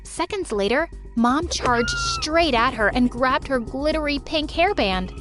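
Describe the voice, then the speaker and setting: A young adult woman narrating a dramatic first-person storytime, lively and expressive. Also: high voice, a little slow, music in the background.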